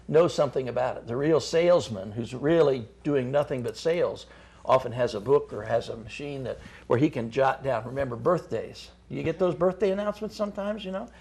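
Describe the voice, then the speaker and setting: Gravelly middle-aged man giving folksy advice. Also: mid-range voice, brisk, a little mellow. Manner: folksy, repeats words, frequent restarts. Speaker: chamber of commerce representative, guest. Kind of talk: casual talk-show advice.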